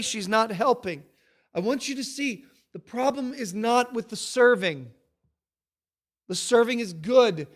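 A man preaching a sermon, emphatic and animated, stacking up repeated phrases as he tells the story. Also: high voice. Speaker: pastor.

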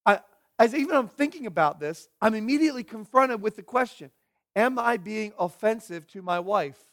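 A man's voice: sits high, lively intonation, normal speed, a bit bright. A pastor preaching a sermon in an earnest, questioning way, often stumbling and repeating his words.

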